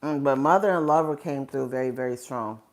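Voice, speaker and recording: A woman's voice: very deep voice, fairly quick. A woman giving a live tarot reading in a casual, rambling way, often checking in with "okay?". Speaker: tarot reader.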